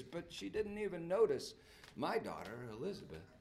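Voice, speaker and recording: A man in his fifties preaching a sermon and telling stories, swinging between loud outbursts and soft drops. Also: fairly high pitch, wildly swooping pitch, normal speed, gravelly. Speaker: pastor.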